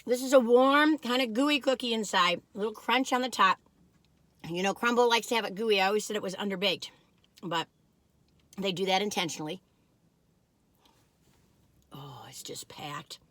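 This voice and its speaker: A middle-aged woman chatting casually and excitedly as she taste-tests and reviews cookies, talking while she eats. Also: medium pitch, fairly quick, no echo. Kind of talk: casual taste-test chat.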